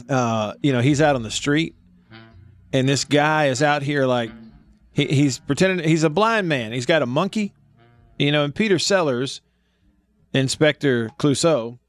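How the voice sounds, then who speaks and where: Chatty Southern US radio host, higher voice. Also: male voice, measured pace, no room sound, faint music behind. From American South. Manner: chatty, laughs easily, rambling storyteller. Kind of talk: casual radio chat. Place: radio studio.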